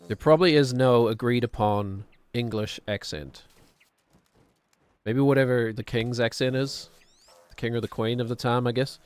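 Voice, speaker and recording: A middle-aged man with a New Zealand accent talks loosely on his game stream. His voice sits at an ordinary middle pitch. He rambles, restarts his sentences and chuckles between his thoughts. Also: moderate pace, darkish tone, smooth, dry recording. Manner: rambling, self-correcting, chuckling. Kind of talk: casual chat while gaming.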